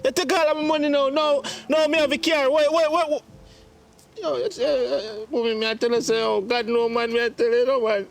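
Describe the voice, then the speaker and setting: A man's voice: very high-pitched, little pitch movement, quick pace, few pauses. A man with a Jamaican accent, playing a grown son in a comedy skit who pleads with his mother about his money. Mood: distraught. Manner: pleading, emotional.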